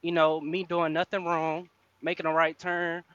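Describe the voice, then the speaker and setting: A man telling his own experience in a live audio chat room, earnest and halting, with many fillers. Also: fairly high pitch, monotone, a bit bright, clear, resonant tone, highs cut off. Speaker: room speaker.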